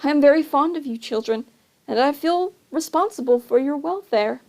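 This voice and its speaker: A woman's voice: sits high, normal speed, voice pushed up. A woman voicing a kind, indignant female judge in a storybook reading, firm and fond. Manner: indignant then warm.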